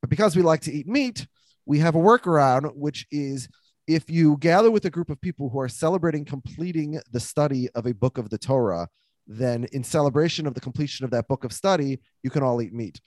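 A man talks fast with a lively, swinging pitch, joking and teasing as he hosts a podcast. His voice sits in a middle register. The recording is dry and close. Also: dry recording. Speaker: podcast host. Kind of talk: casual chat.

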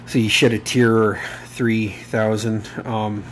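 A man's voice: on the low side, little pitch movement, slow pace, slight background noise. A man in his thirties hosting a casual solo podcast, rambling and emotional, swearing freely and using many fillers. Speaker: podcast host.

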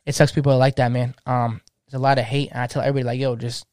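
A man's voice: mid-range voice, flat delivery, very fast, a little mellow, dry recording, clean studio sound. A man in his thirties, a DJ, talking passionately in casual slang and restarting his sentences often. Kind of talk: casual podcast chat.

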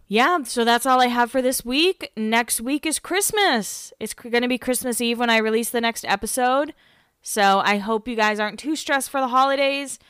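A young woman hosting a casual solo podcast, rambling and chatty with lots of fillers, her pitch jumping when she gets excited. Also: clean tone, no echo, clean studio sound. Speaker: podcast host.

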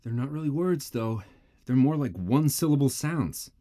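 A man's voice: mid-range voice, lively intonation, normal speed, warm tone, lightly acted. An actor playing an anxious young man who reasons aloud about the puzzles. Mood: worried.

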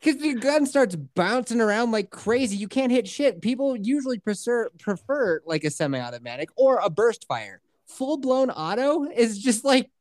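Animated man recapping a movie. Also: very high-pitched, moderate pace, few pauses, no echo, clean studio sound. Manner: animated storytelling, acts out characters, swears freely. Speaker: podcast co-host. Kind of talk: casual movie recap chat.

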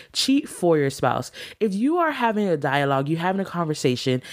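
A woman's voice: very deep voice, darkish tone, dry recording, clean studio sound. A woman teaching a class on marriage, earnest and encouraging, speaking straight to her listeners.

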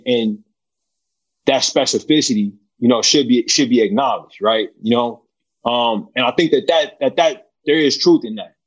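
A man from Oakland, a film director guest, answering in a halting way, repeating words and often adding "you know what I mean". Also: mid-range voice, muffled recording. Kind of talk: casual interview answer.

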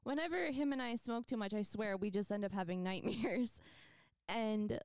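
A young woman co-hosting a podcast, telling a story in casual chat, animated, laughing often and swearing freely. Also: mid-range voice, moderate pace, clear, resonant tone, no room sound. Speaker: podcast co-host.

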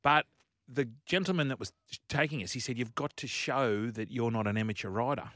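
An Australian radio co-host speaks into a studio microphone on a casual show, telling rambling stories and chuckling mid-story. His mid-range voice is fairly quick and fairly bright, with no echo.

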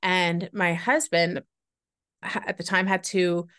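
A woman's voice: lowish voice, steady tone, takes it slowly, fairly bright tone, clear, resonant tone, dry recording. Chatty woman guest, dry close sound. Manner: rambling, lots of filler "like". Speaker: podcast guest. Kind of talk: candid conversational storytelling.

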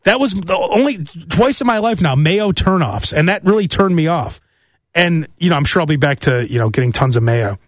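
A man's voice: on the high side, animated, normal speed, no room sound, studio quality. A man hosting a solo comedic monologue, rambling through stories and mimicking voices. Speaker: podcast host.

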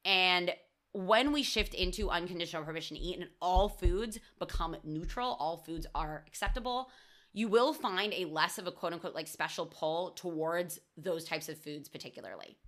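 Solo podcast host, young adult woman, bright tone, casual and unfiltered delivery. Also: on the low side, moderate pace. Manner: casual, candid, curses freely, says "like" often. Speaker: podcast host, mindful eating coach.

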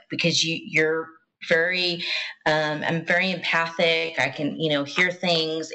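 This is a woman from the American South with a Southern accent and a somewhat low voice. She talks in a folksy, easygoing way as a psychic guest on a call-in show. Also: a bit bright, low-quality recording. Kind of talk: call-in radio readings.

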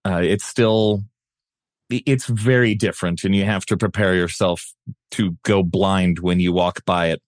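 A man's voice: deep voice, steady tone, a little slow, no echo, studio quality. A man co-hosting a casual podcast chat, easygoing and wry, with hesitant restarts. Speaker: podcast co-host.

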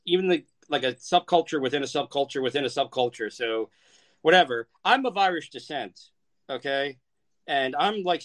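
A man's voice: mid-range voice, fairly bright tone. A man on a podcast, ranting in casual chat, profane and heated, rambling with lots of restarts. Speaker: podcast co-host.

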